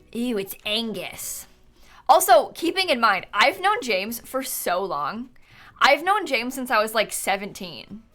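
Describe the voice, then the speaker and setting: A woman in her twenties chatting casually on a live stream while gaming, animated and laughing often as she answers her chat. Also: fairly high pitch. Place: home setup, lives in Florida.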